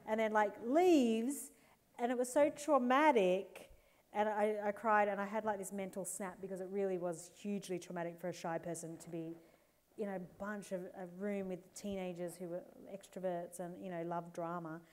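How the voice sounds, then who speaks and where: An Australian woman in her forties, a guest author telling candid, animated stories on a live stage, laughing and putting on playful voices. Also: mid-range voice, normal speed. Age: 40s.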